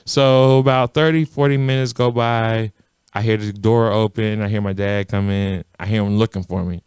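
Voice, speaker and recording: A man's voice: on the low side, moderate pace, clear, resonant tone, no echo, studio quality. A man co-hosting a podcast, telling a story in a casual chat, laughing often and acting out what others said. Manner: animated storyteller, laughs often, acts out quotes. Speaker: podcast co-host.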